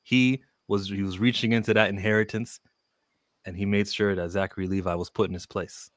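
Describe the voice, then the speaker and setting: A male caller on a live stream who rambles as he jokes, tripping over his words. His voice sits low, and the recording sounds dry and close. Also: flat delivery, a little fast, no room sound. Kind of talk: joking call-in comment.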